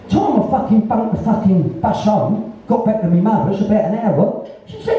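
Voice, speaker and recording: A man's voice: high voice, sing-song, normal speed, dark tone. An older man with a Cockney accent telling blunt, swearing, laughing anecdotes on stage at a live conversation event. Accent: Cockney, East London. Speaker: interviewee, punk musician. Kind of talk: casual storytelling on stage. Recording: echoey hall, distant lo-fi mic.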